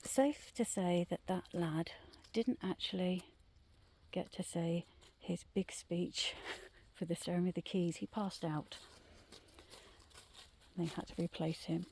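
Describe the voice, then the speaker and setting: A middle-aged woman casually telling ghost stories on a night walk through the woods, often dropping into a hushed whisper. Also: fairly low pitch, steady tone, takes it slowly, gravelly, a little hiss or hum. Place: woodland trail outdoors at night.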